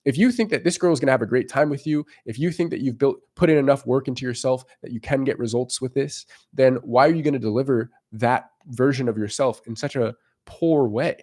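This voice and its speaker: A young man in a casual coaching monologue about approaching women. He talks with animated energy, throws in offhand swearing, and keeps checking in with his listener. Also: medium pitch, brisk, hardly any pauses. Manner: animated, acts out quoted lines, swears casually. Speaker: dating coach.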